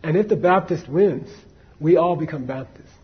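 A man's voice: fairly high pitch, normal speed, breathy edge, highs cut off. A man giving a casual Buddhist dharma talk, telling a story conversationally with many asides to his listeners. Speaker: Buddhist teacher.

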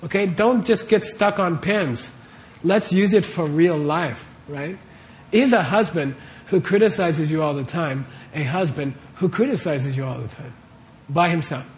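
A man with a fairly high voice teaches a Buddhist lesson in a casual, conversational way, often quizzing his audience and checking that they follow. A faint room ambience sits behind him. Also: a little slow, slight background noise. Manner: conversational, questions the audience often, lots of okays. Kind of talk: casual dharma lecture to a live audience. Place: warm room with a live audience.

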